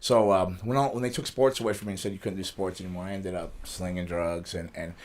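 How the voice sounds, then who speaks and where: A man's voice: deep voice, fairly even intonation, a little mellow. A middle-aged man, a pro wrestler, telling rambling life stories in a casual studio interview. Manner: fast, rambling storytelling with frequent restarts and laughs.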